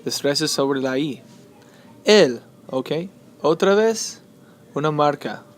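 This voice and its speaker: Spanish teacher explaining, man's slightly high voice. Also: expressive. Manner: switches between English and Spanish, explains slowly and repeats words. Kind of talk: classroom explanation of Spanish spelling.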